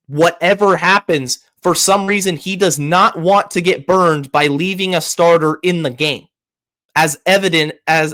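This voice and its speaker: A man with a high-pitched voice hosts a sports podcast, ranting about his team's decisions. He talks fast and heated, tripping over his words and restarting sentences as his frustration builds. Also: a bit bright. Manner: heated, rapid, frequent restarts. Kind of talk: opinionated sports commentary.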